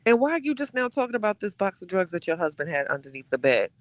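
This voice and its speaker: Gossipy live-stream host, male, somewhat high voice, dry close sound, animated and dramatic with conspiratorial asides. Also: quick pace, no echo. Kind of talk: casual live-stream chat reading viewer comments.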